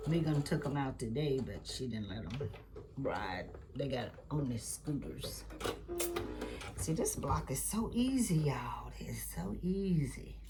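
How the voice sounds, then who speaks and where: A woman who hosts a quilting channel. She chats casually and rambles through family stories during a sewing tutorial, sometimes dropping into soft muttered asides. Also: a bass voice, very animated, measured pace, loud music behind the voice.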